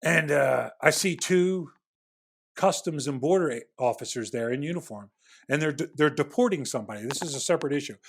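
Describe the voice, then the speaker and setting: A man's voice: a little high, expressive, brisk. A middle-aged man, a former security agent, telling a long anecdote as a podcast guest, with frequent restarts and acted-out dialogue. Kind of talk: casual storytelling in a podcast interview.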